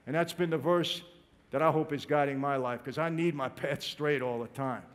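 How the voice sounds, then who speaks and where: High-voiced man giving a fervent testimony. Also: steady tone, moderate pace. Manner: emotional, direct, addresses listeners as "people". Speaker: speaker giving a personal testimony. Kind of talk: impassioned religious testimony to an audience.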